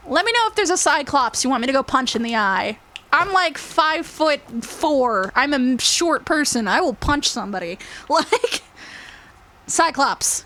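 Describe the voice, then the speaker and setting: Her voice sits high with a sharp tone, animated yet unhurried, as this young gaming YouTuber talks casually to viewers. She rambles with feeling, laughs a lot, and keeps leaning on "like" and other fillers.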